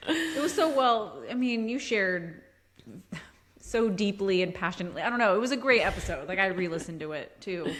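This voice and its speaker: A woman's voice: medium pitch, expressive, normal speed, big-room sound, crowd noise. A woman co-hosting a podcast, chatting in a supportive, playful way with her co-host. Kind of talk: casual chat.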